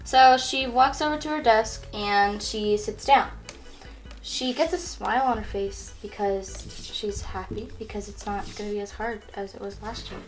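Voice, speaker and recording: A woman's voice: medium pitch, fairly even intonation, moderate pace, faint music behind, low-quality recording. A woman narrating her turn of a story while drawing, easygoing and chuckling at her own slips. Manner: easygoing, chuckling, self-correcting. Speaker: co-host continuing a drawn story.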